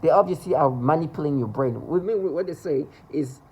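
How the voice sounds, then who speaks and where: Rambling, agitated man with a mellow voice. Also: a little high, a little fast, husky, rough recording. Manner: rambling, restarts and repeats, mimics others' laughter. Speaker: vlogger. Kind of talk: agitated personal monologue.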